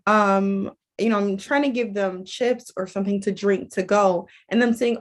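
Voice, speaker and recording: A woman's voice: mid-range voice, moderate pace, few pauses. A woman coach talking casually to viewers in a rambling, chatty way, full of fillers and restarts. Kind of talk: casual livestream talk.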